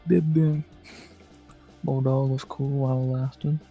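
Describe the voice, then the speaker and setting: A man's voice: medium pitch, darkish tone. A man streaming live, muttering and swearing casually as he plays through quizzes, saying he's losing his voice. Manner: mutters and swears at quiz questions.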